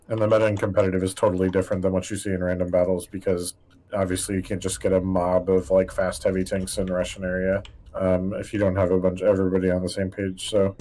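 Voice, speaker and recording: Guy with a lowish voice chatting on a gaming stream, kinda rambly, lots of ums. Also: darkish tone. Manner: rambling, many fillers and restarts. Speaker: co-host answering chat. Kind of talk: casual livestream chat while gaming.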